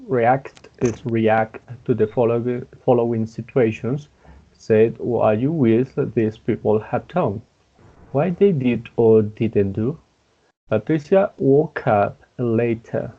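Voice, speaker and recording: Slow, gravelly man reading haltingly. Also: medium pitch, muffled recording. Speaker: student. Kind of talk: reading a textbook exercise aloud.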